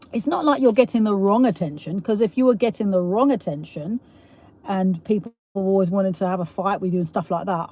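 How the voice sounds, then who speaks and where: A woman's voice: fairly high pitch, darkish tone. Chatty middle-aged South East London woman. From England. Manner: chatty and rambling, laughs often, reads viewer comments aloud. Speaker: livestream host. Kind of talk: casual live-stream chat.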